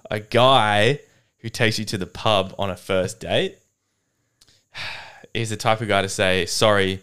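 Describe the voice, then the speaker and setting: A man, co-hosting a podcast in casual chat, animated and swearing freely. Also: lowish voice, slow pace, pauses often, smooth. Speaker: podcast co-host.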